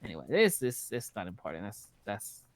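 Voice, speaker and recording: A man's voice: fairly low pitch, brisk, dry recording. Blunt, profane man telling stories. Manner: blunt, profane, animated storytelling. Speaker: roleplay streamer. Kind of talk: casual in-character chat.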